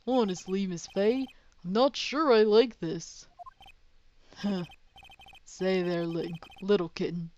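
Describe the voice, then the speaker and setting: A woman doing a smug male lawyer who talks down to people in a lazy, teasing drawl. The voice stays at a middle pitch, with faint game music underneath. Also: slow, pauses often, darkish tone, lo-fi sound, slight background noise, lightly acted. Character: smug coffee-loving male defense attorney.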